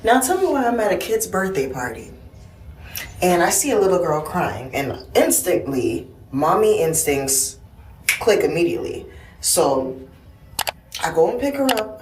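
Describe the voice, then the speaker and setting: A woman telling a casual anecdote in an animated way, acting out the voices she quotes. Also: fairly low pitch, normal speed, a little hiss or hum. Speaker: storyteller. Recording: echoey room, mic far off.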